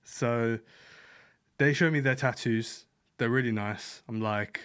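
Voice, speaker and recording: A man's voice: medium pitch, takes it slowly, fairly bright tone, clear, resonant tone. A young man co-hosting a comedy podcast, chatting casually and laughing at his own jokes. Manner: laid-back, chuckling, joking. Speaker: podcast co-host.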